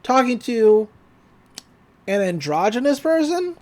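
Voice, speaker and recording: A podcast host recapping a cartoon episode in a casual, animated way and laughing often. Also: medium pitch, slow pace.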